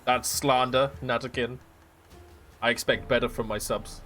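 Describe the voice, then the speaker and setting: A man's voice: medium pitch, flat delivery, unhurried, a bit bright, soft background music. A man streaming a video game, joking and teasing through playful commentary. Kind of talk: gameplay commentary.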